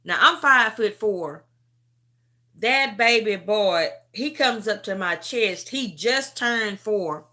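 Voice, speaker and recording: Middle-aged woman, host of a testimony live stream; sharp bright tone, animated and emotional storytelling, close to tears. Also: mid-range voice, takes it slowly. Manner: animated storytelling, calls the listener "beauty". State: near tears. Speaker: host sharing a personal testimony.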